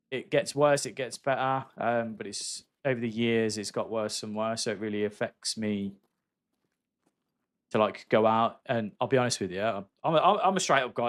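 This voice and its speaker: A man chatting candidly and casually as he livestreams a game, swearing freely and calling his viewers mate. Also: medium pitch. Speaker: gaming livestreamer. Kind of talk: casual live-stream chat while playing.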